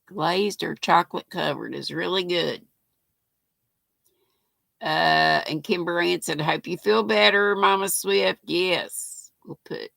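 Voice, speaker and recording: A woman's voice: fairly low pitch, gravelly, fairly bright tone, no echo. An older woman hosts a casual livestream, reading viewers' comments aloud in a chatty, folksy way. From North Carolina, US. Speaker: livestream host.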